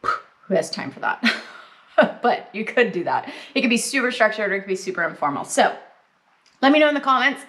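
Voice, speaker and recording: A young adult woman chatting casually to camera as a vlogger, filler-heavy and lively, talking with her mouth full at times. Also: mid-range voice. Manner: chatty, lots of "like" and "um", eating while talking.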